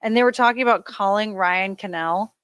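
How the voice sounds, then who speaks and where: A woman in casual conversation, enthusiastic and quick to giggle as she retells a funny moment. Her voice sits at a middle pitch. The sound is dry and close to the microphone. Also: a bit bright, clear, resonant tone, no echo. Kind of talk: casual chat.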